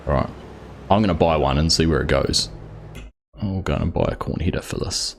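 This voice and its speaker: Low-voiced man hosting a game stream. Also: moderate pace, vocal fry, a little hiss or hum. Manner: chatty, greets viewers by name while playing. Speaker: livestream host. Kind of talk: casual gameplay commentary.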